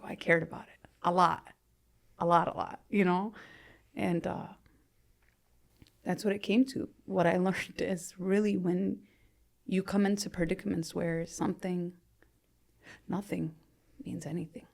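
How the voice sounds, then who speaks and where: A woman's voice: lowish voice, flat delivery, unhurried, gravelly, long pauses. A woman in her thirties telling her own story as a podcast guest, chatty and full of "you know", her sentences often fading to a near-whisper. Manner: conversational, frequent "you know", trails off softly to near-whisper. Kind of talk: candid personal storytelling in interview.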